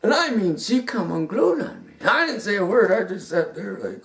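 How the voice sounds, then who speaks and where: A man giving a personal testimony, halting and repeating his words, earnest and devout. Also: high-pitched, very animated. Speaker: speaker telling his story. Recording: roomy sound from a distant mic.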